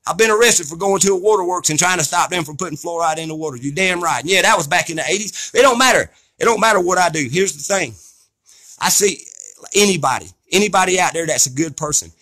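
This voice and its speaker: Man, high voice, fiery, preachy, profane monologue. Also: expressive, fast, bright, forceful tone. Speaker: activist speaker. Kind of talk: impassioned monologue.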